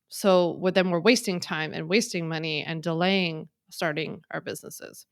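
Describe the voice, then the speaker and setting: A woman's voice: mid-range voice, fairly bright tone, clear, resonant tone, no echo. Woman, from Philadelphia, podcast host, frank, chatty, filler-heavy, dry recording. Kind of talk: casual solo podcast. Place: home office. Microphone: on video in office.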